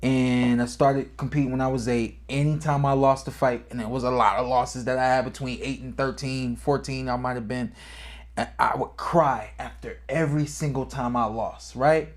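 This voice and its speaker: A man co-hosting a podcast, telling a personal boxing story in a casual way, acting out quotes, his voice climbing high when the story gets emotional. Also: fairly even intonation, moderate pace. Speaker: podcast co-host and former boxer.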